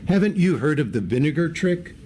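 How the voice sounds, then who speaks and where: Guy reading a kids picture book, mellow warm voice, bit of hiss behind. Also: fairly high pitch, brisk. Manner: lively storybook reading with character voices. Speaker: story reader.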